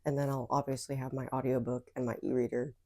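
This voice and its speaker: With an extremely low, dark voice, this woman talks fast and flatly. She's a book vlogger at home in her bedroom, chatting casually, rambling through fillers and asides, and troubled by hiccups.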